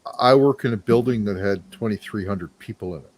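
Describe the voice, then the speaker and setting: Laid-back low-voiced man, halting. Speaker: podcast co-host. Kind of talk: casual chat.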